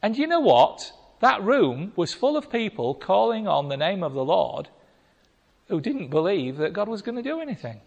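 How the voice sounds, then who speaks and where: A man preaching a sermon, telling a Bible story with lively acted-out voices. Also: high-pitched, moderate pace, creaky. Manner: animated storytelling, acting out voices. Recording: long reverb of a hall.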